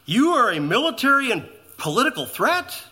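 A man voicing an arrogant, incredulous Roman governor with sneering, high-pitched exclamations. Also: animated, a little fast, bright, forceful tone.

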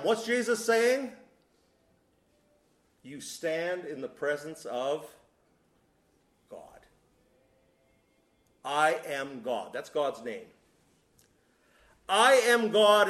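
A man preaching a sermon, emphatic and deliberate, with sudden drops to a soft voice. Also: a little high. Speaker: pastor. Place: church sanctuary. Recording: echoey room.

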